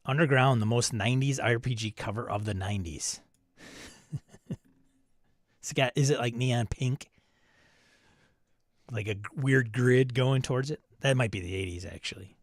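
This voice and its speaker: A man's voice: mid-range voice, normal speed, long pauses, no room sound, studio quality. A man hosting a live stream, casually reading viewer comments aloud and riffing on them with chuckles. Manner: reads chat messages aloud, chuckling and riffing. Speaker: host of a live stream show.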